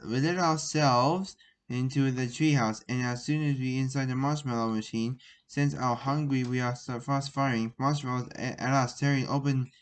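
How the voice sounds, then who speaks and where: A man reading a children's storybook aloud, halting and stumbling over words with frequent restarts. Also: mid-range voice, steady tone. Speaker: reader.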